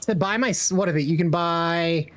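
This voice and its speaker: A man's voice: a little high, normal speed, background noise. A young man streaming a game, chatting casually in a rambling, slangy way with lots of swearing. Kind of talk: casual chat while gaming.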